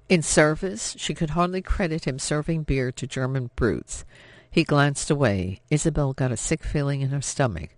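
A man reading an audiobook as narrator in a measured, even storytelling manner. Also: medium pitch, no room sound. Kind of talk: scripted narration.

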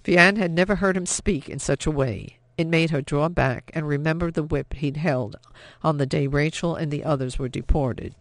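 A man narrates an audiobook in a steady, measured way. His somewhat high voice has a gravelly texture. The recording is dry and close to the mic. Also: no room sound. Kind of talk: scripted narration.

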